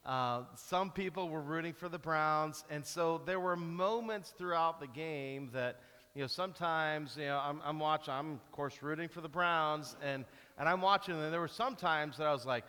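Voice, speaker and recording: Bright-voiced pastor in a reverberant church. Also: male voice, fairly high pitch, moderate pace, clean tone. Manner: animated storytelling, acts out cheering and groaning. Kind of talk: sermon. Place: large church hall.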